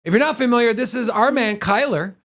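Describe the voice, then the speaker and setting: A man's voice: very high-pitched, expressive, fairly quick, fairly bright tone. A man co-hosting a crypto livestream in casual chat, joking with his co-hosts and ranting heatedly about the news.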